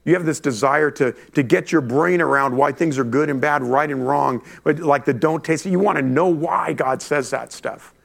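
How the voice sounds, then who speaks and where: A middle-aged male pastor preaching a lively sermon to his congregation, talking straight to the room with quick asides. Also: fairly high pitch, gravelly. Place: church before a congregation.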